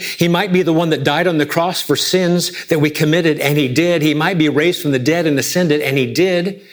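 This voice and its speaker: A man preaching a sermon, emphatic, asking rhetorical questions and swinging between soft low lines and raised high ones. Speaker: pastor.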